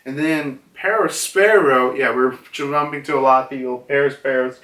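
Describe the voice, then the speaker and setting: A man's voice: mid-range voice, moderate pace, fairly bright tone. A young man recapping a comic chapter in a casual, rambling way, full of fillers and acted-out character lines, recorded in a room at home. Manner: rambling, filler-heavy, acts out dialogue. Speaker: manga reviewer. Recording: roomy, from a distance.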